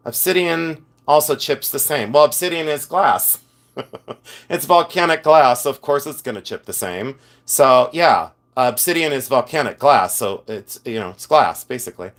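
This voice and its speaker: A man's voice: on the high side, expressive, normal speed, fairly bright tone. Chatty middle-aged man from Ohio. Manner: chatty storyteller, laughs often, reads viewer comments aloud. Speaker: livestream host and reseller. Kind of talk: casual live-stream chat.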